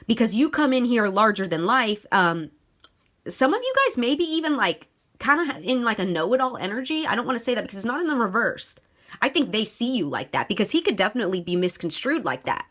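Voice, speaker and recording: A woman's voice: on the high side, big pitch swings, a little fast, fairly bright tone. A woman giving a casual tarot reading, talking straight to her viewers and swearing freely. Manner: chatty, swears freely, addresses viewers directly. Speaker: tarot reader.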